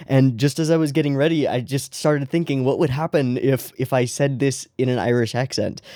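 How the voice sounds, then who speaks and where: A man's voice: mid-range voice, dark tone, no room sound, studio quality. A man hosting an anime reaction show in casual chat. He rambles off on tangents, swears freely and laughs at his own jokes.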